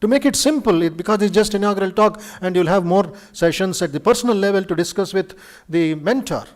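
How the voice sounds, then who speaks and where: Man, Indian English accent, high-pitched, animated spiritual lecture, storytelling. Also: fairly quick. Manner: animated storyteller, acts out quoted speech, chuckles. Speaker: monk giving an inaugural lecture. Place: university auditorium.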